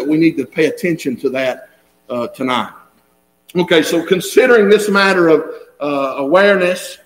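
A man delivers a sermon in an easy, conversational way. His voice sits fairly high, and he tends to chuckle and repeat himself as he talks. The sound is roomy, carrying the echo of a church sanctuary. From Southern United States. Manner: folksy, chuckles while talking, repeats words. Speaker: preacher.

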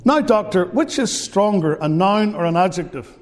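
A man's voice: sits high, animated, moderate pace. A preacher acting out a confident male scholar asking pointed questions, in a hall with long reverb. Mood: challenging.

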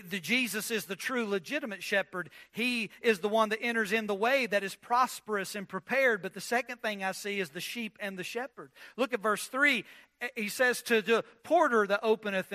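A man preaching a sermon, restarting words often and dropping low and soft on key lines. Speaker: pastor.

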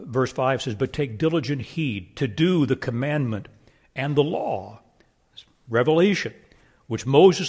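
A man preaching a sermon, emphatic and repeating his key phrases, swinging from raised, pressing lines to hushed, low ones. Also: slightly rough.

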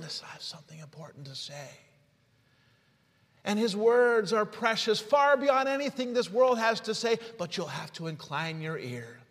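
Guy preaching, high voice, goes from quiet to yelling, big echoey hall. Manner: swings from hushed to shouting; storytelling with illustrations. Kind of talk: sermon. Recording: long hall reverb.

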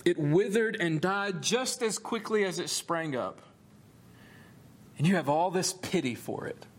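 A preacher speaking as God, gently reproving. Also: male voice, sits high, lively intonation. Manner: slow, earnest, reasoning. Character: patient divine father, gently reproving. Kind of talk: sermon with acted quotes.

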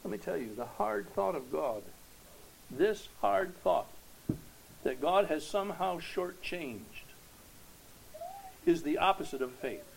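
A man with a notably high voice delivers an earnest sermon. He drops quiet, then rises to loud, emphatic declarations and rhetorical questions, over a faint hiss. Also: expressive, slow, creaky, long pauses, low-quality recording. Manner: earnest, swelling from hushed to loud emphatic preaching. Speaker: pastor.

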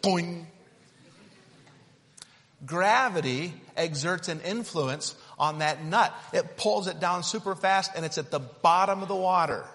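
A man's voice: high-pitched, a bit bright, in a large hall. A man preaching a sermon built around a hands-on object lesson, talking in a conversational, playful and demonstrative way.

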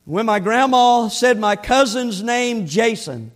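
A preacher delivers his sermon in a conversational tone, with a strikingly high-pitched male voice. He repeats and restarts his phrases as he talks the congregation through scripture and a story. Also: normal speed.

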